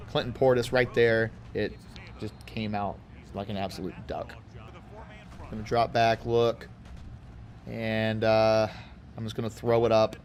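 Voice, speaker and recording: Man, casual gaming commentary, chatty, excitable bursts, rambling asides, faint background hiss. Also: lowish voice. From Houston, Texas. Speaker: gaming YouTuber. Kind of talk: casual video game commentary.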